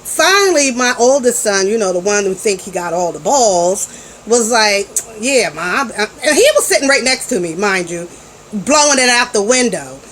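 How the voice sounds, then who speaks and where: A woman's voice: medium pitch, animated, normal speed, fairly bright tone, a little hiss or hum, poor audio. A woman in her forties, a parent vlogger casually telling a story to camera in a chatty, slangy way with frequent restarts.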